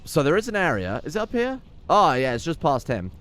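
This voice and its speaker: A man's voice: on the high side, wildly swooping pitch, brisk, a bit bright. A man giving sweary, sarcastic let's play commentary while playing a game. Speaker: gameplay commentator.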